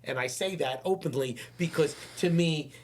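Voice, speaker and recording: A man hosts a casual podcast interview in a husky voice. He rambles and repeats words, and he slows down to stress what matters. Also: a little high. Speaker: podcast host.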